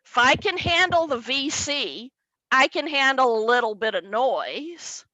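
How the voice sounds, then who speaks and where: A woman voicing her gruff, prudish older father, a former Marine, with blustering, scolding delivery. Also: high-pitched, expressive, measured pace, sharp tone, no room sound, full character voice, low-quality recording.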